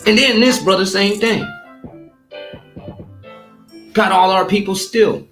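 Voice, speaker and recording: A man's voice: high voice, steady tone, slow, fairly bright tone. A man delivering a heated religious rant, profane and combative, mocking the people he argues against. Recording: echoey room with faint music.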